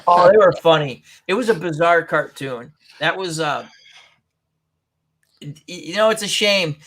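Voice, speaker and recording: A man's voice: a little high, expressive, a little slow, a bit bright. A man hosting a casual online chat, rambling through funny stories with lots of giggles. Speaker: host.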